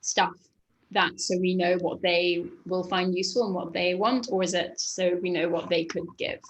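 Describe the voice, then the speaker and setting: A woman with a somewhat low voice asks a question on a video call as an audience member. She hesitates and starts over as she works out her wording, and a faint hiss sits under her voice. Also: flat delivery, normal speed, rough recording.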